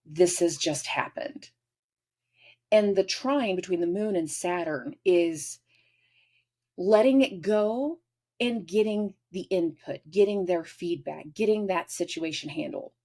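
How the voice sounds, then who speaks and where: A woman with a husky, somewhat low voice talks through a casual astrology forecast. She is animated and slips into little acted-out scenes as she explains. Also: unhurried. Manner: animated, acts out everyday scenes. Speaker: astrology channel host.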